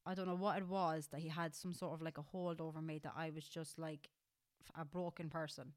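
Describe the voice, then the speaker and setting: Young Irish woman co-host, candid and chatty with a lower pitch, recorded dry. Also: fairly even intonation, fairly quick, no room sound. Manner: candid, rambling, many fillers and restarts. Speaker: podcast co-host. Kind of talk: casual chat.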